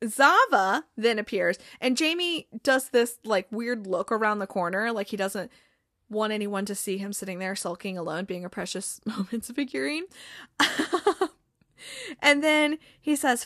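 A woman's voice: fairly high pitch, measured pace, a bit bright, no room sound, clean studio sound. A woman hosting a podcast, casually recapping a TV episode, chatty and laughing often.

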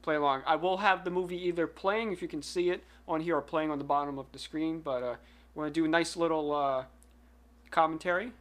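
Bright-voiced stammering podcast host. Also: male voice, fairly high pitch, steady tone, a little fast. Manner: rambling, stammering, many fillers and restarts. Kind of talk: casual podcast chat and commentary.

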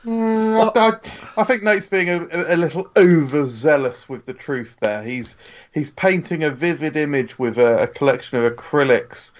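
A man's voice: on the high side, normal speed, dull audio. A man chatting casually as a podcast guest, wry and wordy, laughing often. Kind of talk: casual chat.

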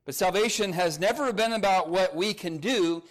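A man delivers a sermon in a voice sitting a little above the usual male range. He swings from emphatic, raised lines down to hushed, low asides. He reads scripture in old-style phrasing. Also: moderate pace. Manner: preaching with rising emphasis and quiet drops. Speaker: pastor.

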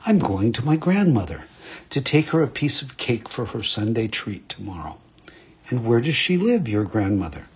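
A trusting little girl speaks in a lifted, breathy voice, as a man reads her. She sounds innocent and wide-eyed. The recording is muffled and lo-fi. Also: medium pitch, very animated, normal speed, heavily acted.

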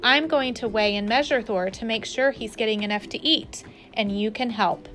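A woman's voice: a little high, normal speed, a bit bright, soft background music, close to an everyday voice. A woman voicing a firm but loving mother while reading a storybook aloud. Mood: gentle. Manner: firm, patient.

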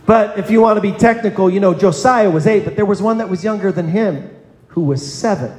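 Earnest preacher in an echoey hall. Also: male voice, sits high, brisk, darkish tone. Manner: earnest, addresses children in the congregation by name. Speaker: pastor. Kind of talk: sermon. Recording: echoey hall with long reverb.

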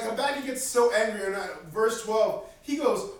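Animated male preacher, high voice, boomy hall sound. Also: moderate pace, hardly any pauses. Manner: animated, acts out voices of God and prophets. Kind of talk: sermon. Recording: echoey room from far off.

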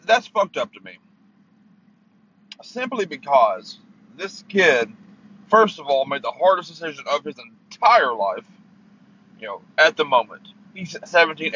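A man's voice: medium pitch, sharp tone. Heated, swearing man ranting in a car. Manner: profane, heated, stammering. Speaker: podcast host. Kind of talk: angry sports rant. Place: parked car. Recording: muffled lo-fi car recording.

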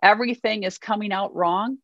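Her medium-pitched, fairly bright voice moves along quickly as she preaches with earnest encouragement, reading scripture and checking in with "okay?" No echo is heard, and the audio is dry and slightly muffled.

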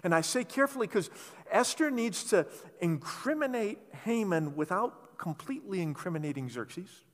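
A man preaches a sermon as an animated storyteller, slipping in playful asides. His voice sits high and swings widely in pitch. Long reverb from a large hall trails his words. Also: normal speed. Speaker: pastor.

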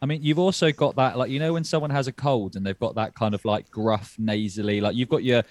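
A man's voice: mid-range voice, fast, a little mellow, dry recording. A man hosting a casual podcast, chatty and jokey, rambling with restarts. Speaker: podcast host.

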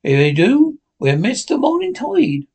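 A man voicing a sly, hearty ship's cook with a raised, loud voice. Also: extremely high pitch, big pitch swings, slow, husky, voice pushed up, full character voice. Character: gruff older male ship's cook, sly.

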